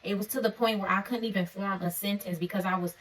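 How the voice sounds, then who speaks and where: A woman speaks in an informal, encouraging devotional style, earnest and a little preacherly, her voice at a mid pitch for a woman. She sounds set back from the microphone, picked up by a camera some distance away. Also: fairly even intonation, fast talker, fairly bright tone. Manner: earnest, preacherly, punctuates points with "okay?"; conversational and informal. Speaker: faith vlogger. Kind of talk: encouraging devotional vlog talk.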